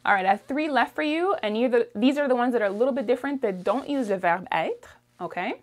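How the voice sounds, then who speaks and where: A woman's voice: on the high side, fast. A woman teaching a language lesson, patiently repeating each phrase and checking in with "okay?". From Canada. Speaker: French teacher.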